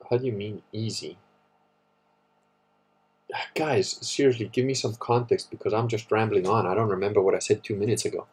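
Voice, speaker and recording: Husky man rambling. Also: on the low side, steady tone, moderate pace, pauses often, a little mellow. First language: Italian. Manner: rambling, profane, wry. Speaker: livestream host. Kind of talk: casual livestream chat reading comments.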